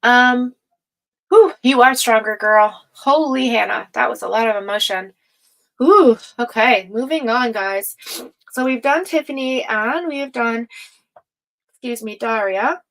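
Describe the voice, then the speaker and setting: A woman hosting a tarot reading livestream, talking casually and affectionately to viewers, with many fillers, sighs and soft laughs. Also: a little high, a little slow, poor audio. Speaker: tarot reader and livestream host.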